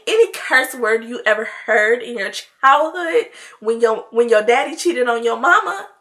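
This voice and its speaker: Bright, chatty woman telling a story. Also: fairly high pitch. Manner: chatty, laughing asides, addresses viewers. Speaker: storytime vlogger. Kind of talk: casual storytime chat.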